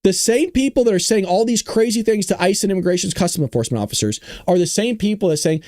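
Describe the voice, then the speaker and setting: A man hosting a political commentary show, reacting to the news in a blunt, indignant way and speaking straight to his viewers. His voice sits somewhat high and swings widely in pitch. The sound is close and dry. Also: animated, fast, hardly any pauses, a little mellow, no echo. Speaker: show host.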